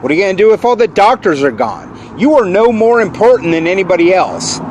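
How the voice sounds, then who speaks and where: A man in his forties ranting angrily to camera, repeating accusations and working himself up into shouted outbursts. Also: sits high, lively intonation, quick pace, background noise. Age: 40s. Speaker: vlogger. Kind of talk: angry rant to camera.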